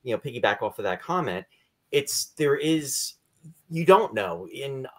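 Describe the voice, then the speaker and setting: A man's voice: medium pitch, sing-song, measured pace. A man hosting a casual interview chat, rambling and apologetic, with a voice he says is going. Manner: rambling, apologetic, restarts often. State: losing his voice, clearing throat. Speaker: podcast host.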